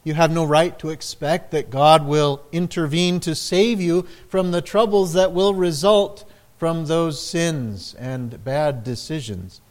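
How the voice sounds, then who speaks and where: A man preaching a sermon in a slow, measured way, raising his voice for quoted lines. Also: fairly high pitch. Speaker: pastor.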